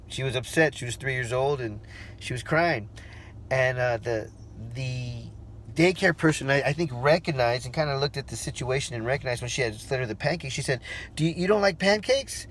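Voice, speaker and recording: A man in his forties telling a personal story in a relaxed, rambling way, with fillers and restarts, acting out the voices he quotes. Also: mid-range voice, slight background noise. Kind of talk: casual spoken storytelling.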